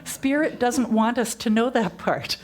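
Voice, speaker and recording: A woman giving a gentle, reflective spiritual talk, telling stories to her congregation. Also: on the high side, unhurried.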